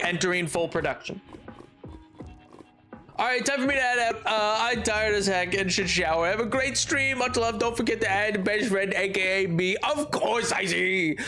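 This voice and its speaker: A high-voiced man with a sharp tone rambles casually to his stream chat while gaming, headphones on. He stammers and keeps restarting his sentences.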